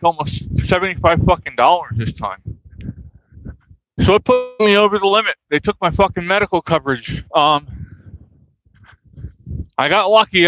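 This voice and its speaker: A man's voice: on the high side, a bit bright, lo-fi sound. A man walking outdoors in the cold wind, talking to his livestream from a handheld phone and ranting angrily with lots of swearing. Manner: casual folksy talk with y'all. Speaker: vlogger. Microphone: handheld phone at arm's length.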